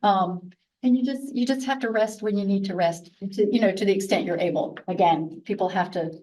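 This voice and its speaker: A woman's voice: mid-range voice, a little fast, dark tone, distant mic, poor audio. A woman of about sixty, a physician, gives a candid, chatty conference talk full of restarts and self-deprecating asides. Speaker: physician presenter.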